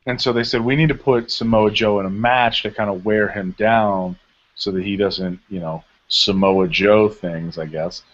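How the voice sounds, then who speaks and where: A man co-hosting a casual podcast, retelling events with lively, acted-out quotes. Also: moderate pace. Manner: animated storyteller, acts out quotes in high voices. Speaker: podcast co-host recapping wrestling. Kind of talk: casual chat. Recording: dull lo-fi podcast audio.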